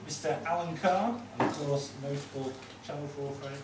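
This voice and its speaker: A young man compering a stand-up night in a halting, deadpan way. His voice is fairly high. He is recorded far from the mic in an echoey bar room with noise behind. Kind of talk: stand-up comedy. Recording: echoey bar heard from afar, noisy.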